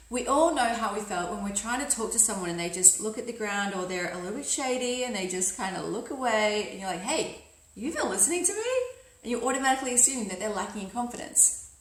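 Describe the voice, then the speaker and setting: A woman's voice: mid-range voice, roomy sound, poor audio. A woman, giving an upbeat, emphatic coaching lesson on speaking with confidence at work. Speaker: career coach. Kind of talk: instructional talk to camera.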